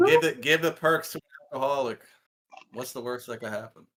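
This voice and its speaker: A man's voice: mid-range voice, fairly quick, a bit bright, dry recording. A man chatting casually on a podcast, dropping dry, sarcastic quips. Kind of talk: casual chat.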